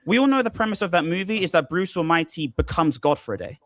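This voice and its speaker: A man's voice: sits high, animated, fast, no room sound. A man in a heated online debate, laughing often and talking over the other side.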